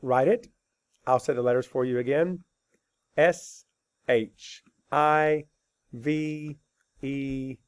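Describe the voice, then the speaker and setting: A man teaching a spelling lesson, dictating words slowly letter by letter and asking and answering his own questions patiently. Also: medium pitch, no echo. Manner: slow, deliberate letter-by-letter dictation.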